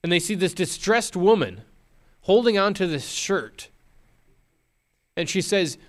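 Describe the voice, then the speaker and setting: A man preaching a sermon, retelling a story with dramatic pauses and questions to the congregation. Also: high voice, lively intonation.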